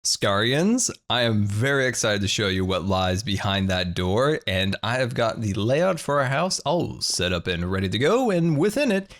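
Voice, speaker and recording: A man in his thirties hosting a video game let's play, talking through his building and his pranks in a playful, animated way. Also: lowish voice, normal speed, few pauses. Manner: animated, playful, narrates his own moves. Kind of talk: gameplay commentary.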